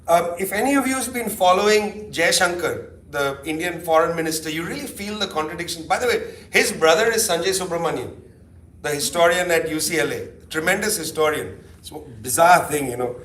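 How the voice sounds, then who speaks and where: High-voiced man lecturing in an echoey hall. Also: fairly quick. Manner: animated, sardonic, peppered with asides. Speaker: keynote speaker. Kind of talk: conversational lecture. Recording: echoey hall, distant mic.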